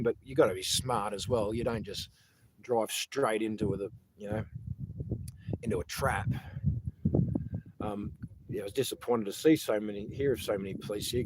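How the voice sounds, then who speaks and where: A man's voice: medium pitch, noisy background. An Australian man live-streaming outdoors on his phone, rambling in casual chat, repeating words and greeting viewers by name. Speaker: live streamer and protest organiser. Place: outdoors on a sunny day.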